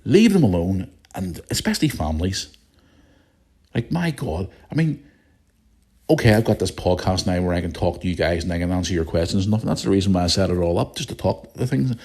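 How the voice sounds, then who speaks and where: Blunt Northern Irish man, deep voice. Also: animated, brisk, darkish tone. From Northern Ireland. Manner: chatty, blunt, swears freely. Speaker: podcast host. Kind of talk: casual solo podcast chat.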